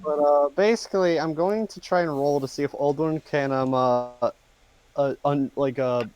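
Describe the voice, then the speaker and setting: A man's voice: a little high, steady tone, normal speed, a little mellow. A man playing a tabletop game, stammering through plans with laughing asides. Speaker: player.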